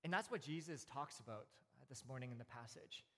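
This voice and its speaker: A man in his thirties preaching a conversational sermon, telling stories in a relaxed way with many fillers and restarts. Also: mid-range voice, a little fast, long reverb tail. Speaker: pastor.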